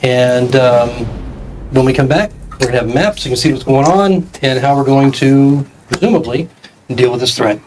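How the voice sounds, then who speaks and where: A man running a tabletop game as game master, describing scenes at length with frequent pauses. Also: mid-range voice, darkish tone, slight background noise, low-quality recording.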